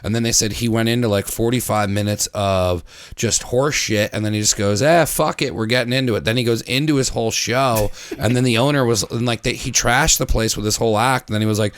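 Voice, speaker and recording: A man's voice: on the low side, steady tone, a little fast, clear, resonant tone. A man hosting a podcast, telling loose stories in casual chat and swearing freely. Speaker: podcast host.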